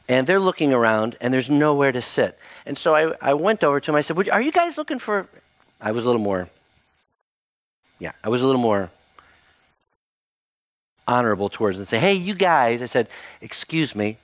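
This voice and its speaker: In a storytelling sermon, a middle-aged man preaching as a pastor shares an animated, self-mocking personal anecdote full of laughs, then moves into prayer. His voice is mid-range, and the recording has no room sound.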